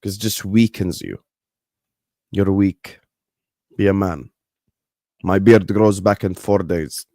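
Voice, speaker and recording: A man's voice: low-pitched, slow pace, pauses often, dark tone, no room sound, studio quality. A young man, casually commentating a football stream and bantering with his chat, laughing and teasing.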